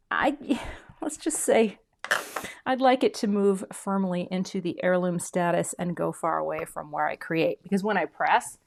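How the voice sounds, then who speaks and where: A middle-aged woman hosting a craft video, chatting casually and self-deprecatingly as she works, often dropping to soft murmurs mid-task. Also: mid-range voice. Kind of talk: casual crafting demo chat.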